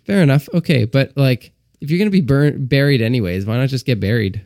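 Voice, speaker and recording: A man's voice: medium pitch, fast talker, a little mellow, no room sound, clean studio sound. A man in casual chat, teasing and joking with his co-hosts. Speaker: podcast co-host.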